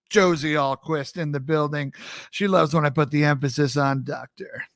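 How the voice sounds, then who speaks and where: Energetic male host with a fairly high voice, chatty and friendly, close dry mic. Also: moderate pace, no echo. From US East Coast. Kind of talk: live-streamed casual talk show.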